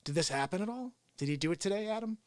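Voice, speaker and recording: Male live-show host, animated storyteller, very expressive pitch, dry close mic, sometimes whispering and sometimes shouting. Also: racing, no room sound. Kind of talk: unscripted live-stream monologue. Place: small room with speaker and organ.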